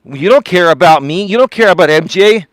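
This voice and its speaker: Walking outside, a life coach streamer with a high voice lectures his live audience indignantly, circling back to the same points. His intonation is lively and his pace fairly quick, and the sound is dry and close with no echo.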